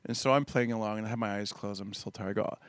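Casual podcast guest: a man in his thirties, rambling, animated storyteller, dry close sound. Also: lowish voice, fast talker, clean tone, no room sound. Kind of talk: casual chat.

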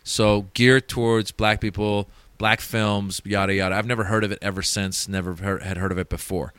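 A man's voice: lowish voice, normal speed, clean tone, no room sound. A man, a stand-up comedian, telling anecdotes in casual chat and acting out the voices of the people in them. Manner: animated, acts out voices in anecdotes.

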